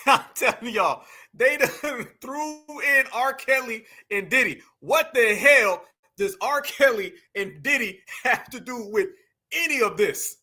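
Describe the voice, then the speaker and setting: Male reaction host, high bright voice, mocking and animated. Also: slow. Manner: animated, mocking, laughing often. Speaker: commentary channel host. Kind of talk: reaction commentary.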